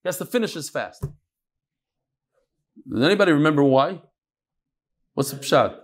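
A man's voice: on the high side, lively intonation, normal speed. A man teaching an informal Gemara class, telling stories and explaining with Hebrew and Yiddish terms. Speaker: Talmud teacher.

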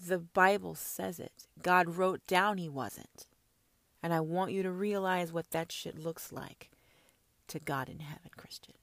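A woman rants at her listeners in a fierce, profane, preachy monologue. Her voice is bright and forceful, jumping from shouts down to hushed whispers. The sound is close and dry, with no room around it. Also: fairly low pitch, measured pace, vocal fry, no echo. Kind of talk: ranting monologue.

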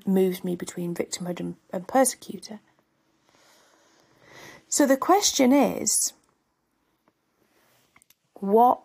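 Husky, gravelly-voiced woman host. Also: medium pitch. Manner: candid, thinks aloud with restarts and asides. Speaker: podcast host; mother of three. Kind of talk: reflective self-help monologue.

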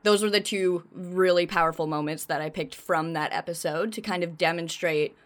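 A woman's voice: lowish voice, fairly even intonation, normal speed. A woman co-hosting a podcast, chatting casually and enthusiastically with plenty of fillers. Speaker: podcast co-host.

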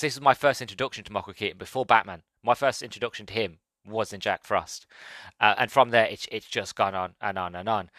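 A man's voice: on the low side, bright, forceful tone, no echo. A man hosting a podcast, chatting enthusiastically and nostalgically about a favourite film, with frequent restarts. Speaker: podcast host and movie reviewer. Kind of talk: casual solo podcast talk.

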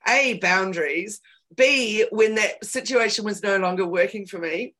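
A woman's voice: medium pitch, unhurried, a bit bright. A woman hosting a casual chat, telling candid stories with emphatic repeated words.

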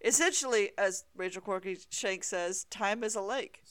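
A podcast co-host in casual talk about comics, speaking deliberately with hedging fillers and quick laughs. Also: medium pitch, a bit bright, smooth, dry recording, clean studio sound.

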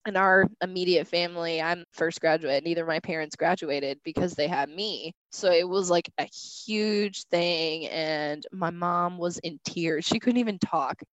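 A woman's voice: lowish voice, no room sound, low-quality recording. A woman in her twenties, a podcast guest, chatting casually and telling her stories with animation, acting out her own past words. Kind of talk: casual interview chat.

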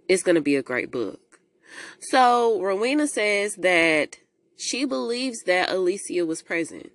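A woman casually recapping a movie for her podcast listeners, telling it in an animated way and acting out the characters' lines. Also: mid-range voice, slow, no room sound. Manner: animated storytelling, talks to listeners as "y'all", acts out quotes in character voices. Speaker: podcast host recapping a film.

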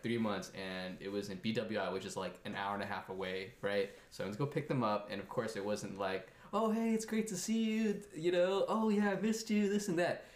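A man co-hosting a casual podcast, telling an animated story and acting out the quotes in it. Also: fairly low pitch. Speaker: podcast co-host. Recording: echoey room, faint noise.

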